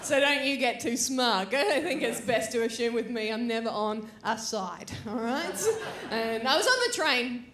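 A woman's voice: fairly high pitch, lively intonation, measured pace, few pauses. An Australian woman performing a stand-up comedy set, telling a story with playful put-on voices. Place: comedy festival stage. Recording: echoey venue with faint audience noise.

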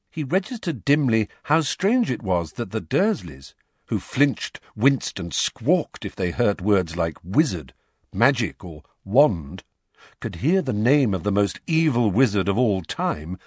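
Guy reading a story aloud, low voice that moves around a lot, dry recording. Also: unhurried, dry recording. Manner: expressive storytelling. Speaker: audiobook reader. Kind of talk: scripted narration.

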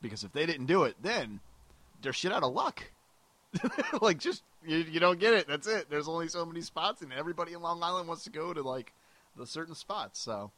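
A man chatting casually on a podcast, reacting quickly and making playful joking asides. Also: fairly high pitch, expressive, pushed and bright, dry recording. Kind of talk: casual chat.

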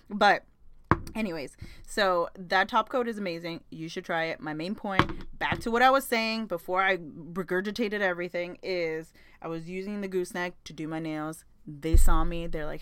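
A woman's voice: fairly low pitch, normal speed, a bit bright, clean tone, dry recording. A young woman hosting a podcast, chatting in a rambling, casual way, swearing freely and laughing often. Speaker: podcast host. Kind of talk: casual chat.

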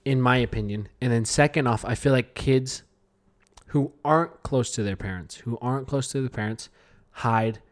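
A man's voice: medium pitch, moderate pace. A man co-hosting a casual podcast chat, giving his opinions freely and laughing often. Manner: opinionated, laughs often, acts out quoted voices. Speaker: podcast co-host.

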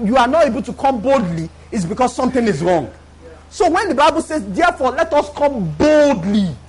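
Preacher, male, very high voice, call-and-response delivery to a church congregation, emphatic repeats. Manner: preaches with call-and-response, often asking the congregation if they follow. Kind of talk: live sermon.

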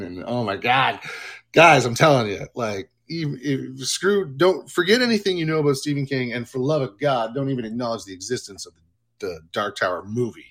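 A man hosting a livestream, chatting casually in a rambling, excitable way and swearing freely. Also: fairly low pitch, breathy edge. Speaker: livestream host.

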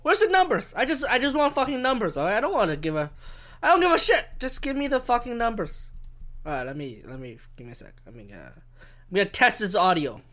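The mid-range voice swings widely in pitch, moves fairly quickly and sounds a bit bright. It belongs to a podcast host ranting solo at home in Vancouver, rambling, swearing and ribbing himself, with his handheld mic held too far off.

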